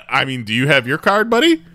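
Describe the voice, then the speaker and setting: Lively, bright-voiced podcast host man. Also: medium pitch. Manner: laughs often, rambling with restarts. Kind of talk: casual chat.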